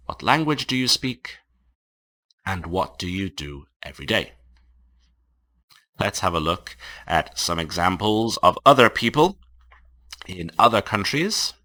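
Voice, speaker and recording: Slow, lively-voiced male English teacher. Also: low voice. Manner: slow, carefully enunciated classroom reading. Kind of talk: online lecture for language learners.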